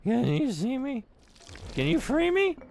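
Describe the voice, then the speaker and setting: A man doing a high, pleading goo creature. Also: wildly swooping pitch, a little slow, gravelly, darkish tone, a little hiss or hum, full character voice. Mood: awed pleading. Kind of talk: reading game dialogue aloud in a voice.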